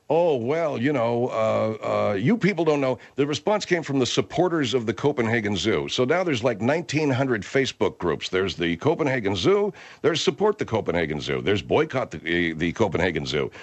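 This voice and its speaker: A man hosting a comic radio show, rambling and stumbling over his words. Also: lowish voice. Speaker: radio host.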